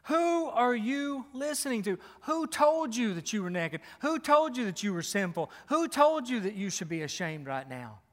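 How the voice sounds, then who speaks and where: A man's voice: very high-pitched, very animated, moderate pace, few pauses, fairly bright tone, heavily acted. A man voicing God, asking searching questions and assuring the listener of His love. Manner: earnest, pleading. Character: loving, reassuring male God. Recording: long hall reverb.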